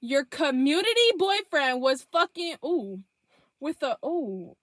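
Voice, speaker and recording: A woman's voice: high voice, very animated, slow, fairly bright tone, dry recording. A young woman telling a storytime vlog, blunt and heavy on profanity, reading out text messages.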